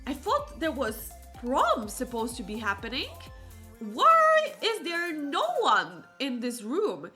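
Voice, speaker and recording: A woman's voice: sits high, wildly swooping pitch, sharp tone, soft background music, full character voice. A woman voicing a sheltered, upbeat teen boy. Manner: reassuring, chatty, quick. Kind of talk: game character voicing.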